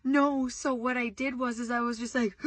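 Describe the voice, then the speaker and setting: A young woman hosting a casual vlog, telling a story with lots of "like"s and excited outbursts. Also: fairly high pitch, very noisy. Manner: excitable, animated, screams in retold moments, many "like"s. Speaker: vlog host.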